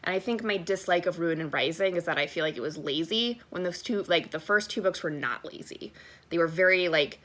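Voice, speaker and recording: A young woman rants about a book series in a loose, sarcastic vlog voice, with "like" scattered through every sentence. Her pitch swings all over the place and her tone is bright and forceful. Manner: animated and sarcastic, heavy use of "like". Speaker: book vlogger. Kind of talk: casual ranting book review.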